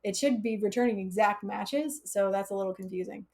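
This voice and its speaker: A woman's voice: medium pitch, brisk, darkish tone. A woman hosting a casual live coding stream, chatty and laughing often as she reads chat aloud. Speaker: livestream coding instructor.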